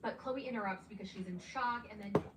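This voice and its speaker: A young woman giving a chatty, animated recap of a reality show, dropping into character voices. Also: mid-range voice, brisk, far from the mic. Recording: echoey room, off-mic, noisy background.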